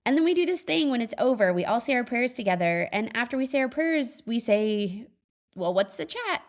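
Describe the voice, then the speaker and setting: Chatty, upbeat woman thinking out loud. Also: on the high side, animated, brisk. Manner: chatty, upbeat, laughs often, many fillers; reflective, earnest. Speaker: podcast host. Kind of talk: casual solo monologue.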